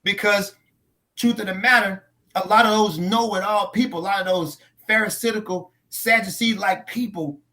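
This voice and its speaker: A man with a fairly high voice and a bright, forceful edge. He talks about faith after a sermon, emphatic and preacherly, and he often repeats his key lines for weight. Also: steady tone, normal speed. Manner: trains others in tone and inflection. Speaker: church leader on a post-sermon talk show. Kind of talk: casual faith discussion.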